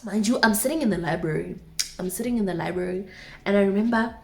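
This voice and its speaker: A woman's voice: mid-range voice, normal speed, darkish tone. A young woman in her twenties with a South African accent, casually telling a dramatic personal story to her viewers with asides. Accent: South African English.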